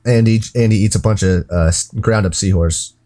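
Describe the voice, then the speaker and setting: A man's voice: fairly low pitch, a little fast, warm tone. A man co-hosting a podcast, enthusiastically retelling favorite comedy scenes and laughing easily. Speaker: podcast co-host. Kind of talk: casual chat.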